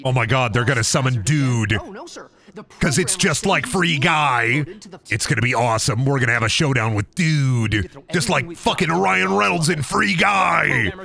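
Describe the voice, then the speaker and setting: A man's voice: medium pitch, measured pace, gravelly, pushed and bright. A man streaming a video game, talking in a crude, rambling, joking way. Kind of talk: gaming stream commentary.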